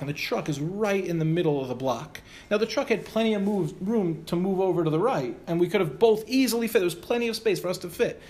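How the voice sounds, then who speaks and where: Animated man telling a story. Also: a little high. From United States. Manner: animated, acts out the voices of the people in his stories. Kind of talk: anecdotal speech to an audience.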